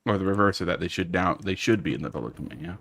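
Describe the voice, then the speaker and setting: A man's voice: low-pitched, animated, very fast, fairly bright tone, slight background noise. A man chatting casually on a gaming stream, rambling wryly and searching for words. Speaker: co-player reading chat.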